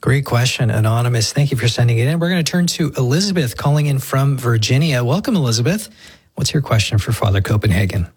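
A man hosting a call-in show, briskly welcoming callers and passing them to the guest. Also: mid-range voice, lively intonation, breathy edge. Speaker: radio show host.

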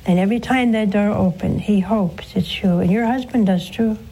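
A nun hosting a call-in show, preaching and answering callers in a slow, earnest way, swooping up in pitch for emphasis. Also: female voice, dark tone, breathy edge, rough recording.

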